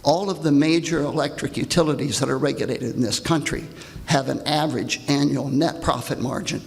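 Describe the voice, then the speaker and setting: An older man speaks at a public hearing, reading his prepared comment in a pointed, indignant tone. His voice is gravelly and sits at a middling pitch. The sound carries the long echo of a large hall. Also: brisk. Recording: reverberant hall.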